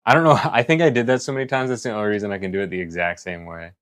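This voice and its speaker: A male streamer chatting casually on a live stream, rambling and thinking out loud. His voice is low and deep. It is smooth and resonant. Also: lively intonation, rapid-fire. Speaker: livestreamer.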